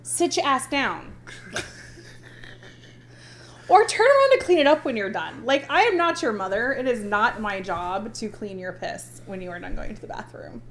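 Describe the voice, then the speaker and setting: A high-pitched woman co-hosting a casual podcast chat. Her voice swings widely and expressively as she rants and laughs along. She sounds like she's in her thirties. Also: moderate pace, a little hiss or hum. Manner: animated, laughing, self-described passive aggressive. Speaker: podcast co-host.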